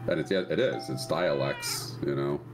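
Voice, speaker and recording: Very deep-voiced man, matter-of-fact. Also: normal speed, over music. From Virginia, United States. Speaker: co-host of a gaming chat show. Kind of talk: casual chat.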